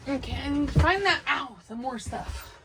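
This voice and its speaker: A woman's voice: high-pitched, expressive, normal speed, background noise. A woman hosting a crafting video, chatting casually and rambling as she searches for supplies and corrects herself. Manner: rambling, scattered, self-correcting. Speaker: craft channel host.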